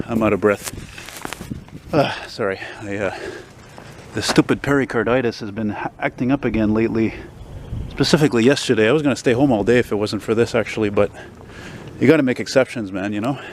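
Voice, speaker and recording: This classic car vlogger from Montreal, a man in his forties, has a lowish voice with a slight hiss or hum on the recording. On a city street, he talks to camera about an old car in an eager, rambling way full of fillers.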